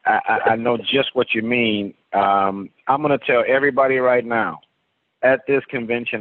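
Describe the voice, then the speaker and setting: A man's voice: lowish voice, no echo. A man leading a motivational conference call, giving a preachy pep talk that builds with long lists. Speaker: team leader. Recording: tinny phone line.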